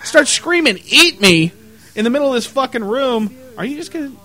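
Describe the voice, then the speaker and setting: A man co-hosting a casual podcast, telling stories in a loose, profane, animated way. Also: very high-pitched, fast talker. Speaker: podcast co-host. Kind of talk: casual chat.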